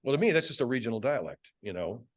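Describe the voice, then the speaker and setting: Here a guest voice actor talks reflectively in a relaxed interview, breaking into character voices and frequently starting over. His medium-pitched voice swings widely in pitch and moves fast. The sound is studio quality, without echo.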